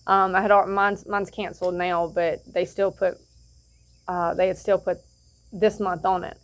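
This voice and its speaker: A woman's voice: lowish voice, flat delivery, moderate pace. A woman sharing a personal testimony outdoors, rambling through her story with frequent fillers and restarts. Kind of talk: casual spoken testimony. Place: outdoor campsite.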